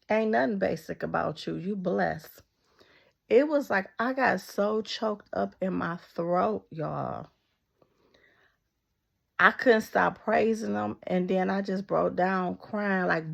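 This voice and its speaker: Slow, gravelly middle-aged woman praising. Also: mid-range voice. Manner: fervent, repetitive praise with casual asides. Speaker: devotional speaker. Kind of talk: spontaneous devotional encouragement to viewers. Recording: slightly dull lo-fi recording.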